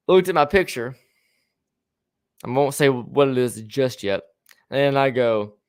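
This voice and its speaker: A man tells a story on a podcast, stumbling over his words and swearing as he acts out what everyone said. His voice sits at an ordinary middle pitch. The sound is dry and close, with no room around it. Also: smooth, no echo. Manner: rambling, stammering restarts, swearing, acts out quoted lines. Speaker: podcast co-host telling a story. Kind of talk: casual storytelling chat.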